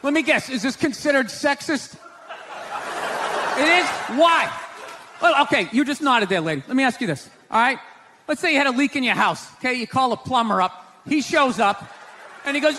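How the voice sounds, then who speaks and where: High-pitched ranting man on a stage. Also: lively intonation, normal speed, long pauses. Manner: loud ranting, mock outrage. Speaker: stand-up comedian. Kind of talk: stand-up set. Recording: live concert hall with crowd noise.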